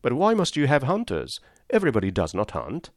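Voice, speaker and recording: A man reading a reserved young gentleman with mild, gently teasing speech. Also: mid-range voice, wildly swooping pitch, a little fast, no room sound, clean studio sound. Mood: wry.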